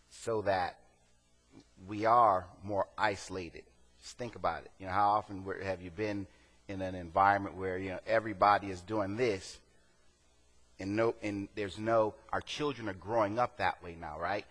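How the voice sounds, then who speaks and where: Male pastor, low voice, conversational sermon with emphatic swells, reverberant hall. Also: fairly bright tone. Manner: conversational preaching, rising to emphatic peaks.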